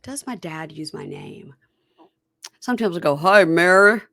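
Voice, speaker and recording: Animated woman recapping reality TV. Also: low-pitched, normal speed, a little hiss or hum. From Southern United States. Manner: animated storytelling, acting out quotes. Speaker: podcast host. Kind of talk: casual chat recapping reality TV.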